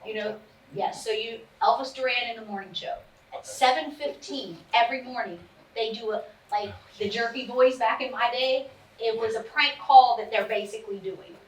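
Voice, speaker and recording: A woman leading a parent training session in a casual, animated way, often acting out what kids and parents say. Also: fairly high pitch, normal speed, a little hiss or hum. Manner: animated and chatty, acting out quotes. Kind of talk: casual coaching talk. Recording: echoey room, mic at a distance.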